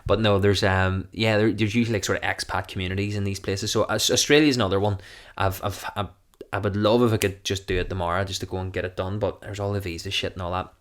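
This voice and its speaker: Northern irish comic, lowish voice, chatty rambling storyteller, laughs a lot. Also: male voice, little pitch movement, quick pace. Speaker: comedian answering viewer questions. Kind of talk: casual chat.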